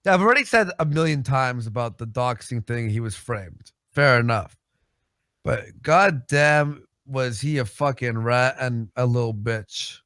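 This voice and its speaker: A man's voice: mid-range voice, unhurried, a bit bright, no echo, studio quality. A man co-hosting a livestream talk show, crude and blunt, defending himself. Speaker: co-host.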